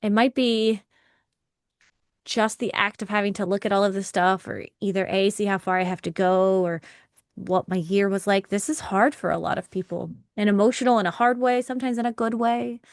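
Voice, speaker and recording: A woman's voice: medium pitch, steady tone, moderate pace, no echo. A woman leads a live workshop in a friendly, encouraging way and laughs easily as she answers participants. Her voice sits in a mid range and is recorded dry and close, with no room sound. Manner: encouraging, conversational, laughs often. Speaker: workshop facilitator. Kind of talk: live online workshop, reading and answering chat.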